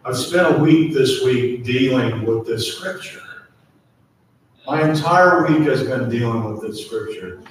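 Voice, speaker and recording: Man, pastor, sermon, slow emphatic delivery, very echoey church hall. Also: medium pitch, lively intonation, a little hiss or hum. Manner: slow, emphatic preaching with repeated call-and-response prompts. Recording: echoey hall, mic at a distance.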